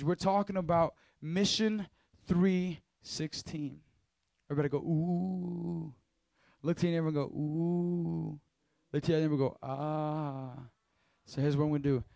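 High-voiced man preaching to youth. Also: a little mellow, no echo. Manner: casual, slangy, talks straight to the crowd. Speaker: youth pastor. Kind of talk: energetic youth sermon.

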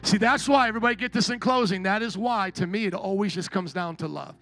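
Pastor guy preaching, really high bright voice, gets loud and animated, soft music in back. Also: quick pace, no room sound. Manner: animated, mimics whining complainers, shouts for emphasis. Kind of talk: sermon.

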